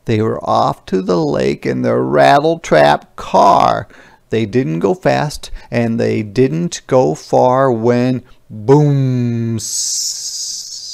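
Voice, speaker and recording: A man reading a picture book aloud to young children as a teacher, pausing to explain words gently. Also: mid-range voice, gravelly.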